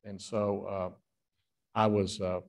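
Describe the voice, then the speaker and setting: A man, a guest author, telling rambling stage anecdotes with frequent filler pauses. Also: low-pitched, level tone, creaky, a little mellow.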